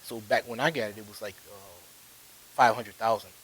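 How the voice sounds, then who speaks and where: A man's voice: fairly even intonation, fairly quick, a bit bright, breathy edge, rough recording. A man being interviewed, telling a long story in a casual, rambling way with many fillers and chuckles. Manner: rambling anecdotes with frequent fillers and laughs. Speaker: interview guest, ragtime pianist. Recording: faint hiss, low-fi video.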